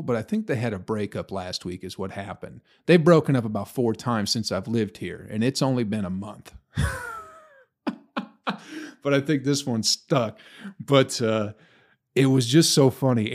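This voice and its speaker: A man, a stand-up comedian, talking in a loose, profane monologue and laughing at his own stories. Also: mid-range voice. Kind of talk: casual solo podcast monologue.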